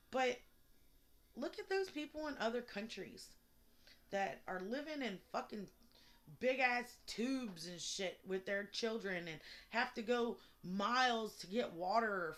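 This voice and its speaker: A woman's voice: medium pitch, expressive, measured pace, fairly bright tone. A young woman, ranting angrily and bluntly in an unedited vlog, swearing freely. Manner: angry, profane, blunt. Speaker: mother venting on video. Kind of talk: emotional unedited vlog rant.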